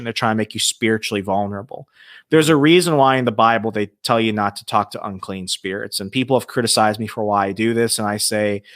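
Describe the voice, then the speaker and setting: Dry studio audio captures a fairly low-pitched male voice. As a podcast guest, he swears freely while spinning ghost stories in a casual way, performing the lines spoken by the characters.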